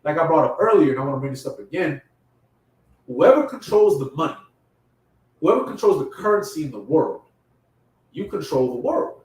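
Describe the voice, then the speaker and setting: A man's voice: fairly high pitch, very animated, normal speed, long pauses, far from the mic. Impassioned preacher man, echoey room. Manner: impassioned, rising to loud emphatic peaks; casual street slang. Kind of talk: sermon.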